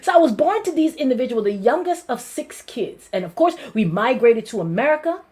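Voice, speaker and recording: A Guyanese woman pastor telling her life story in an animated way, with lots of repetition and restarts. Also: on the high side, a little fast. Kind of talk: personal testimony to a congregation.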